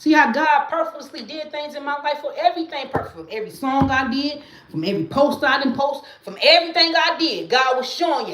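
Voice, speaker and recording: A woman's voice: high voice, lively intonation, a little fast, few pauses, fairly bright tone, echoey room. A woman, talking emphatically and profanely in a casual live-stream monologue, repeating her catchphrases. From Mississippi, US. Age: late 30s. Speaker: livestreamer.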